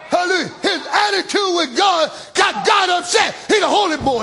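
A male preacher shouts a sermon in plain, folksy speech, dropping hallelujahs between lines. His voice is very high and gravelly, with a sharp, bright edge. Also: animated, normal speed, few pauses, soft background music, a faint crowd. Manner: shouting, call-and-response hallelujahs.

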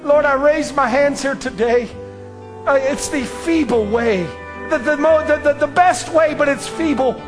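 A man with a notably high voice delivering a fervent sermon in a church service. He rises to ringing declarations and then drops to hushed near-whispers, hammering his points through repetition. Soft music plays faintly behind him. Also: measured pace. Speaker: preacher. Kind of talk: impassioned sermon.

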